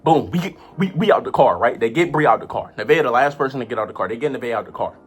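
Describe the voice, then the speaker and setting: Animated young woman telling a story. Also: rumbling low, quick pace, slightly rough, soft background music. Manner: animated, lots of "like" and repeated phrases. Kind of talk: casual storytime vlog.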